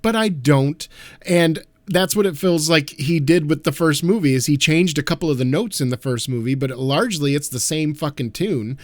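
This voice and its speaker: Podcast guy ranting and cussing, kinda high voice. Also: normal speed, dry recording. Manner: swears a lot, animated ranting. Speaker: podcast co-host. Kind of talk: casual chat.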